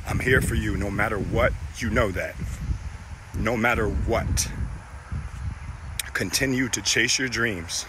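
A man in his thirties, a father giving a heartfelt recorded message, halting and emotional, with many fillers and restarts. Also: lowish voice, noisy background.

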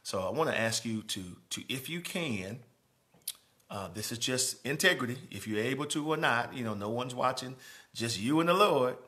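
A man preaching a sermon as pastor in a church, moving from quiet, conversational speaking to raised, emphatic preaching. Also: medium pitch, animated, moderate pace. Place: church sanctuary.

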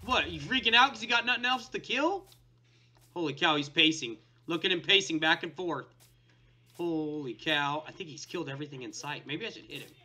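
A young man hosting a gaming video, giving excitable casual commentary and shouting at the screen. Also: on the high side, a little fast.

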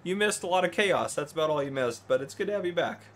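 Chatty male game streamer with a lively, bouncing pitch who keeps cracking up at chat and works through a farm run. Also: fast talker. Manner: chatty, thanks chat viewers by name; breaks into helpless laughter often. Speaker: livestream gameplay host. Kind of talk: live farming-game stream commentary.

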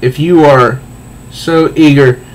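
A man voicing a stern, noble warrior princess heroine, delivering slow, solemn lines. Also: a little high, steady tone, slight background noise, poor audio. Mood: defiant.

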